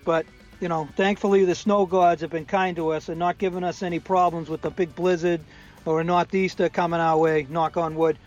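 A man's voice: a little high, flat delivery, fairly quick. Older Boston man giving a chatty update. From New England. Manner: chatty, many fillers. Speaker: weekly contributor. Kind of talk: casual recorded update. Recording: dull lo-fi sound with faint music.

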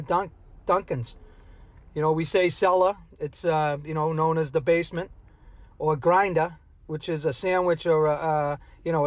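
A man with a thick Boston accent talks in a rambling, folksy way. His voice sits a bit high and sounds close and dry. The recording is slightly dull and lo-fi. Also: no echo. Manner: rambling, folksy, full of "you know" and "uh". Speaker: regular segment contributor. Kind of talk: casual chatty monologue.

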